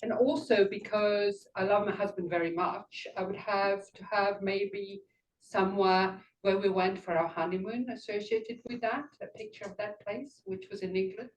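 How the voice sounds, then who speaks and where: An older woman giving an impromptu speech at a club meeting, thoughtful and rambling, pausing to find her words. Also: medium pitch, fairly even intonation, reverberant, dull audio. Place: meeting room.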